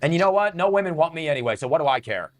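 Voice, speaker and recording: A man's voice: fairly high pitch, animated, very fast. A middle-aged man delivering an emotional, bitter ranting monologue in a video. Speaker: video commentator.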